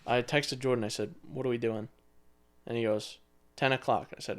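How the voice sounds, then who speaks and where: A man's voice: mid-range voice, moderate pace, clear, resonant tone. A man in his twenties co-hosting a podcast, rambling through a story in casual chat and swearing now and then. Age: 20s. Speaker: podcast co-host.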